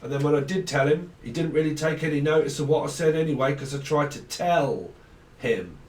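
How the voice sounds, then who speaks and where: A man's voice: fairly high pitch, fairly quick, a little mellow, slight background noise. Rambling man channelling a tarot reading. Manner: rambling, free-associating, laughs often. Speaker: tarot reader. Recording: echoey room, mic at a distance.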